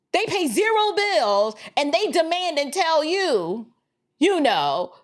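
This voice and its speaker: A woman's voice: high-pitched, very animated, moderate pace. A woman hosting an opinion podcast, talking emphatically and preachily with rhetorical questions, and reading viewer chats. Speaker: podcast host.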